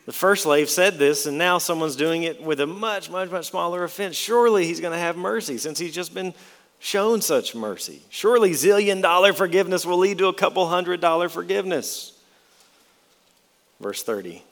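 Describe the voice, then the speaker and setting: A man's voice: high-pitched, animated, moderate pace, fairly bright tone, in a large hall. A man preaching an expository sermon, emphatic, with his voice rising and dropping for effect.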